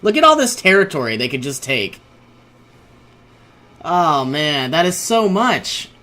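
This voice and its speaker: A man's voice: sits high, wildly swooping pitch, moderate pace, sharp tone. A young man giving casual commentary over his own strategy game, thinking aloud, often exasperated and laughing. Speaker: let's play host.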